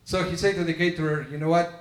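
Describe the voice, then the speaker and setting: A man's voice: level tone, fast. Man preaching a storytelling sermon. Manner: storytelling sermon, acts out dialogue with shifting pitch. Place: synagogue sanctuary. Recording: echoey sanctuary.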